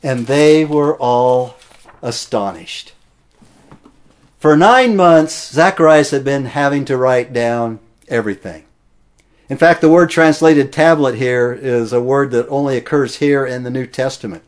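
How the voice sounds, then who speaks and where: A man's voice: mid-range voice, normal speed. A man preaching an expository sermon, explaining a passage earnestly and stressing key words.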